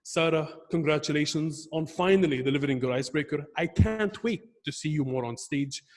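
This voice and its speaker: A young man evaluating a club member's speech on a video call, earnest and halting, often restarting his words. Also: on the high side, in a large hall.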